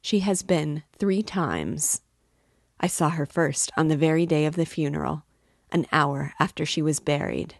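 Sly middle-aged landowner, read by a woman, rambling and confiding, low voice, unhurried, dry close sound. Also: gravelly, dry recording, full character voice. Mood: musing. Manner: rambling, confiding, oddly offhand. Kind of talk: reading a novel aloud.

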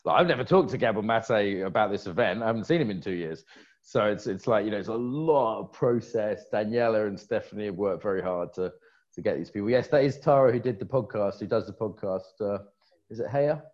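A man co-hosting a conference chats casually in a lowish, slightly mellow voice at a brisk pace, dropping playful, joking asides. The recording has a dull lo-fi sound.

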